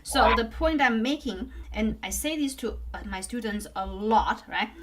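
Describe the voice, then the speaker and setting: A woman teaching a one-on-one piano lesson, explaining gently, checking in with "right?" again and again, and singing phrases on "da.". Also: a little high, measured pace. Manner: sings phrases aloud on "da". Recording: loud piano music behind voice. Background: piano playing.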